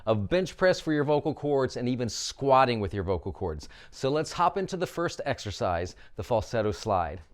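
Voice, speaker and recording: A man coaching vocal exercises, guiding listeners through a warmup with upbeat instructions. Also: medium pitch, lively intonation, moderate pace, hardly any pauses.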